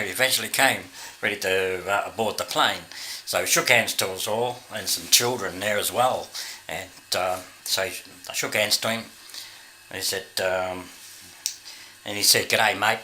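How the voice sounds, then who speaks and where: A man's voice: fairly low pitch, moderate pace, sharp tone, slight background noise. An Australian man vlogging in a casual, rambling way, chuckling often and losing his thread. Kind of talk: casual chat to camera.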